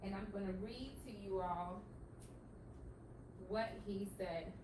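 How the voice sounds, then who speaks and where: A woman's voice: medium pitch, slow, noisy background. A woman hosting a casual self-help talk, chatting loosely and reading out affirmations with emphasis. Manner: chatty, reads affirmations with emphasis, says "baby" and "y'all". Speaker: spiritual self-help host.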